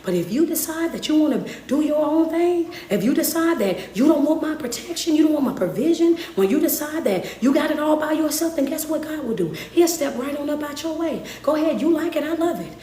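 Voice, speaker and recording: A woman giving a motivational sermon, emphatic and repetitive, now and then rising to shouts. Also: sits high, animated, brisk, few pauses. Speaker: motivational speaker. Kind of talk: motivational preaching. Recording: roomy, distant mic, faint ambience.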